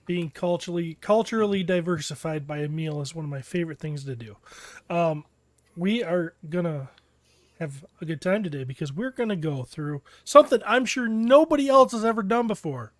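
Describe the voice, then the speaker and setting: Brief: male host, high voice, dry close sound, playful banter. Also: lively intonation, normal speed, no echo. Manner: joking, playful. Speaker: podcast host. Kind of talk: casual chat.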